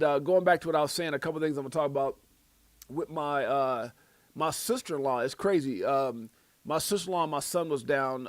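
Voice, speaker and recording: A man hosting a crypto livestream in casual chat, loudly shouting out viewers in a slangy, animated way. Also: fairly high pitch, no room sound. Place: Las Vegas.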